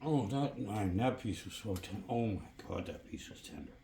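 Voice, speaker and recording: In this phone-recorded cooking vlog, the man hosting a DIY channel talks in a lowish voice at a moderate pace from his home kitchen beside a woodstove. He's relaxed and chatty, tasting the food with murmurs and apologies, against slight background noise.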